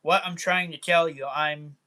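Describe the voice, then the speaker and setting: A man's voice: fairly high pitch, fairly even intonation, a little slow, pushed and bright, clean tone. A man reading aloud as a brooding masked male vigilante from a comic book, earnest and plain.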